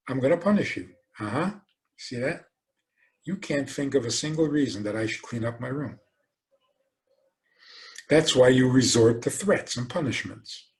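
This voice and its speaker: A rabbi giving a lecture, telling stories animatedly and asking rhetorical questions. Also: male voice, medium pitch, a little slow, pauses often. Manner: animated storytelling, acts out quoted voices.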